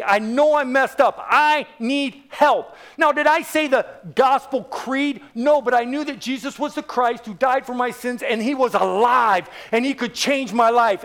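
A man's voice: very high-pitched, fairly bright tone. A man in his sixties preaching an evangelistic sermon to a church congregation, joking and quizzing the crowd with rhetorical questions. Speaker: guest preacher.

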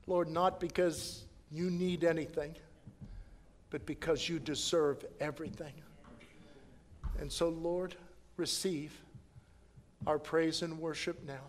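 High-voiced preacher in a reverberant hall. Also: male voice, fairly even intonation, slow pace, long pauses, a little hiss or hum. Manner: swings from loud emphatic preaching to hushed prayer. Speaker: pastor. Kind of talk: sermon.

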